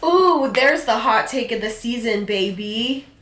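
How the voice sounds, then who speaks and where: Wry woman with quick profane quips. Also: a little high, animated, fairly bright tone. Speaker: podcast co-host. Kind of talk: casual chat. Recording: roomy sound with faint noise.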